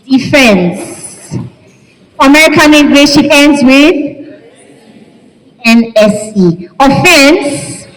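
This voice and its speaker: A woman from Nigeria teaching an English class, speaking slowly and emphatically and spelling words out letter by letter. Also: high voice, animated. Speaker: English lecturer. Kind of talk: classroom lecture. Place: large lecture hall. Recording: echoey lecture hall, long reverb.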